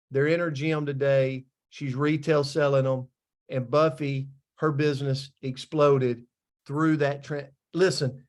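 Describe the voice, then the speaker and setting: A man telling a success story to his team, animated and building to a point. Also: on the high side. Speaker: business team leader. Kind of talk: motivational storytelling.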